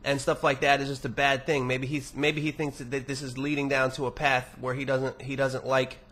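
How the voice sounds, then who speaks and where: A man's voice: medium pitch, flat delivery, normal speed, a bit bright. A young man hosting a podcast, reading listener emails aloud and answering them in a rambling, profane, casual monologue with many restarts.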